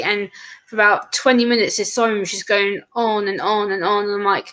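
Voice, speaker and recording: A woman chatting casually in a group conversation, telling animated stories full of quoted asides. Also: medium pitch, a little fast. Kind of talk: casual chat.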